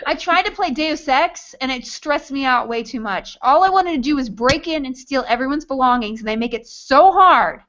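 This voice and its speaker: A woman's voice: high-pitched, lively intonation, moderate pace, a bit bright. A woman hosting an online book club hangout, chatty and casually announcing meetups with playful asides over a video call. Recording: dull lo-fi video call audio.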